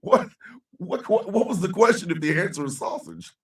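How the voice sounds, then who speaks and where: A man hosting a casual live-stream show, loud and laughing, heavy on slang. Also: high voice, very animated, moderate pace, recorded from a distance. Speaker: host. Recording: echoey room, a bit off-mic.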